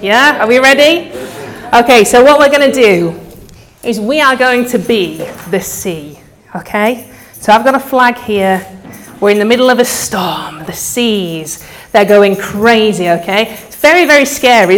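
Lively woman leading a children's church talk. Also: fairly high pitch. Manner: lively, coaxing, audience participation. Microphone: microphone.

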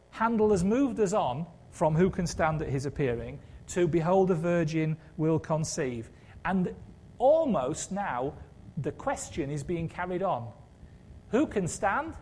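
Husky man preaching a lively sermon. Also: on the high side. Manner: conversational, wry humour, rhetorical questions.

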